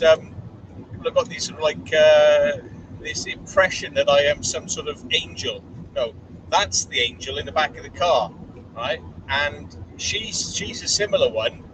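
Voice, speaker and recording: A man, vlogging in a blunt, sweary, rambling way with lots of fillers, recorded outdoors. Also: fairly high pitch. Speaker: urban explorer vlogger. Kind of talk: casual rambling monologue. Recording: distant mic with loud outdoor noise.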